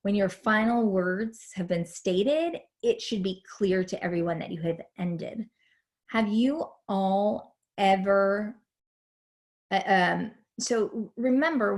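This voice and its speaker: A woman's voice: mid-range voice, slow, a little mellow. A woman teaching an online lecture in a chatty, hesitant way with many fillers.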